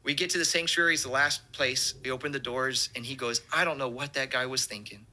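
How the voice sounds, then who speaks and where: A man, a pastor telling an animated testimony story and acting out the quotes. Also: mid-range voice, fairly quick.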